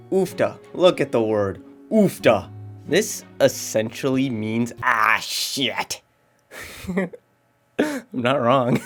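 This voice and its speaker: Jokey young man with a slight North Dakota accent. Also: medium pitch. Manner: sarcastic, jokey, self-deprecating. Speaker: YouTuber. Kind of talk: comedic vlog monologue.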